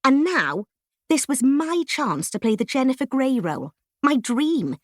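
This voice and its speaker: Lively Welsh woman narrating her memoir. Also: high-pitched, measured pace, no echo, clean studio sound. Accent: Welsh, Swansea. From Wales. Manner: lively, expressive storytelling with voiced quotes.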